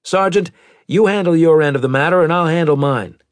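A man's voice: a little high, a little fast, no echo, voice pushed up, close to an everyday voice. A man voicing a stern male starship captain who gives clipped, dismissive orders. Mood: curt.

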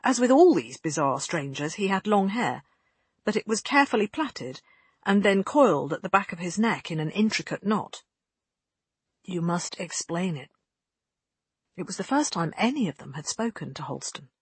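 An audiobook narrator reading a story in a measured, even way. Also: mid-range voice, husky, no room sound. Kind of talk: scripted narration.

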